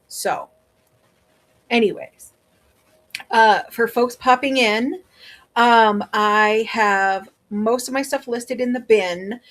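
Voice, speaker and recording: A woman with a Wisconsin accent chatting casually on a livestream as a seller, rambling with many fillers. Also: medium pitch. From Wisconsin, USA.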